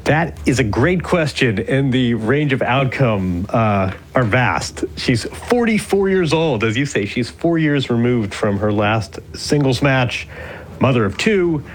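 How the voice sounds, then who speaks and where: A man's voice: medium pitch, expressive, a little slow. Hesitant male sports journalist with faint background noise. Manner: thoughtful, hesitant with restarts and fillers. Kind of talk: live interview. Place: remote location, not the studio.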